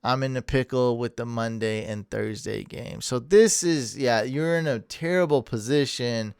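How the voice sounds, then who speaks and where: A man's voice: medium pitch, measured pace, gravelly, darkish tone, smooth, no room sound, studio quality. A man hosting a sports podcast, chatting casually and energetically, rambling and laughing at himself. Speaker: podcast host. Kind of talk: casual chat.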